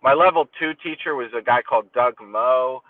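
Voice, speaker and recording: A male comedian chatting casually, riffing with crude, animated jokes. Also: medium pitch, normal speed, no echo, far from the mic, phone-quality sound. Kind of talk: casual podcast chat.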